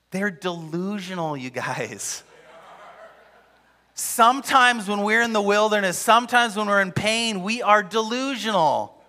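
A man's voice: high voice, expressive, takes it slowly, pushed and bright, long reverb tail. A man preaching a casual, conversational sermon in a church, full of rhetorical questions. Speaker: pastor.

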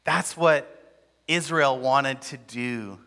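A man's voice: medium pitch, slow, sharp tone, long reverb tail. A man preaching a casual, conversational sermon in a church, full of rhetorical questions. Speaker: pastor.

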